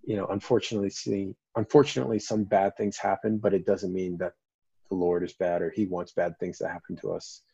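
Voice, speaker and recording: A man's voice: low voice, flat delivery, fairly quick, vocal fry, mellow, husky, no room sound. A man, a firefighter and paramedic, telling a story in a casual interview in an earnest, rambling way with many fillers. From Colorado, US. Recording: dull lo-fi dry audio.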